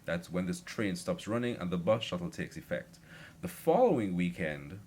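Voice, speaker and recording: A man's voice: low voice, sing-song, moderate pace, darkish tone, a little hiss or hum. A young man rambling through a casual story with lots of fillers. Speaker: vlogger.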